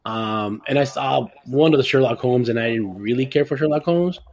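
A man who is a podcast guest, chatting in a relaxed, rambling and self-deprecating way. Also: mid-range voice, normal speed. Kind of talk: casual chat.

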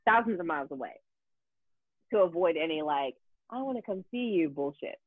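A woman's voice: deep voice, brisk, no room sound. A woman tells a story in loose, casual talk. Her voice swings widely, and she swears often and restarts her sentences. The sound is thin, dry and tinny, like a phone line. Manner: animated, profane, frequent fillers and restarts. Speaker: guest.

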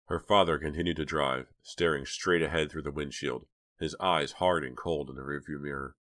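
Audiobook narrator, man, very low voice, close dry recording. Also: steady tone, moderate pace, a bit bright, dry recording. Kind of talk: scripted narration.

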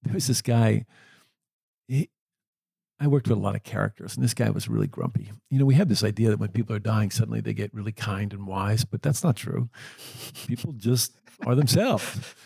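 Low gravelly guy, husky and dark, gentle storyteller about caring for the dying. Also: fairly quick, no room sound. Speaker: end-of-life caregiver. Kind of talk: reflective storytelling.

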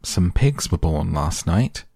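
A man voicing a farm mother who speaks briskly and matter-of-factly. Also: deep voice, lively intonation, creaky, dark tone, slightly rough, no room sound, clean studio sound, heavily acted.

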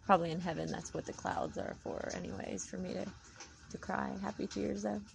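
A woman's voice: lowish voice, fairly even intonation, fairly quick, gravelly, a little hiss or hum, low-quality recording. A woman with a tired voice chatting casually and devoutly in a rambling vlog. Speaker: vlogger. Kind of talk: casual faith-filled chat.

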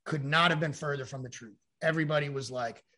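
A man's voice: on the high side, fairly even intonation, fast talker, pushed and bright. A man as a podcast guest, telling a candid personal story in a rambling, frank way, swearing now and then and acting out what others said. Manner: rambling, frank, swears, acts out quoted dialogue.

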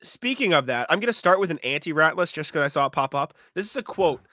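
Sniffly young man, bright dry voice. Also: fairly high pitch, lively intonation, fast, no echo. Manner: laughs often, loose and joking. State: sniffly from allergies. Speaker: podcast co-host. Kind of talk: casual sports chat.

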